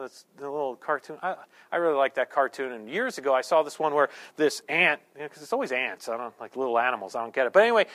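A man preaching a sermon in a church, conversational and joking, with sudden loud bursts. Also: fairly high pitch. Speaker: pastor. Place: church sanctuary.

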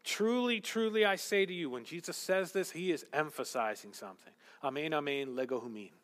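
A man preaching a sermon as pastor, animated, acting out quotes and dropping to hushed whispers. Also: on the high side, fairly quick, in a large hall.

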